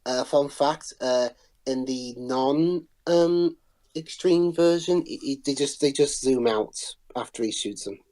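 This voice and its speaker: A man co-hosting a casual movie commentary, dropping halting bits of trivia. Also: mid-range voice, mellow. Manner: halting, trivia-sharing asides. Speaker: podcast co-host.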